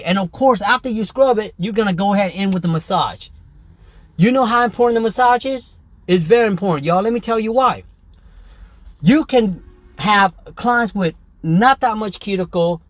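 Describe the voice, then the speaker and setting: A man's voice: sits high, no echo. A man, a nail technician giving a casual, joking tutorial full of profanity and constant "y'all". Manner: brash, joking, profane, keeps saying "y'all" and "okay". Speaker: nail technician teaching pedicure. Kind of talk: casual tutorial talk to camera.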